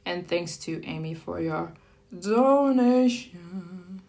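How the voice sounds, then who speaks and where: A woman hosting a casual live stream, chatting lightly and animatedly, jumping up in pitch for sample phrases. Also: expressive, takes it slowly, creaky, a little mellow. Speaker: livestream host.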